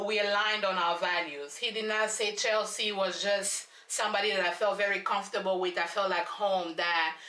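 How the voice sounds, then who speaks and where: Sassy woman, bright voice in an echoey room. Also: medium pitch, far from the mic. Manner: sassy, dramatic, repeats lines for emphasis. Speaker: reality show recap vlogger. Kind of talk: casual reality TV recap commentary.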